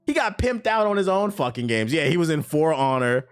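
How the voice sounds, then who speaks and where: A man's voice: on the high side, brisk, clean tone, faint music behind. A man giving blunt, profanity-filled reaction commentary on gaming news, mocking what he reads aloud. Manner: blunt, animated, swears freely, mocks what he reads.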